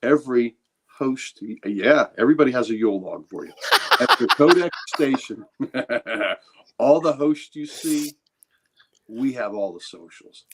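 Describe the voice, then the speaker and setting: A man's voice: medium pitch, lively intonation, unhurried, very noisy. Easygoing rambling man co-hosting. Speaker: co-host. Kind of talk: casual chat.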